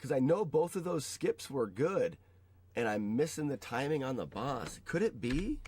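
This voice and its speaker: A man's voice: medium pitch, big pitch swings, moderate pace, a little mellow, slightly rough. A man streaming a retro game, chatting casually and talking viewers through his route. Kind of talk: live gameplay commentary.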